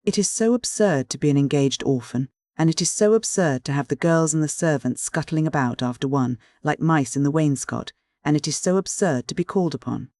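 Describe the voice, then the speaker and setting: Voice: medium pitch, fairly quick, hardly any pauses, darkish tone, no echo, studio quality, natural voice. A narrator voicing a shy, petulant young girl who is engaged to be married, in an audiobook reading. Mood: fretful. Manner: fretful, petulant complaining.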